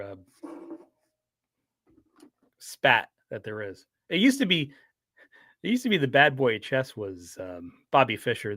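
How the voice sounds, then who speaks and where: A man's voice: medium pitch, a bit bright, dry recording, studio quality. A man chatting casually on a livestream, rambling with frequent restarts and fillers. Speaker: streamer.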